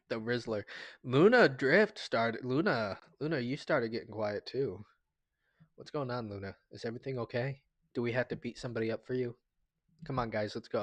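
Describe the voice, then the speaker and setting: Male streamer, casual chat, rambling and jokey, mid-pitched voice, close dry sound. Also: dry recording. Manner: rambling, chatty, stumbles and restarts often; sentimental, jokey, thanks viewers often. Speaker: livestreamer.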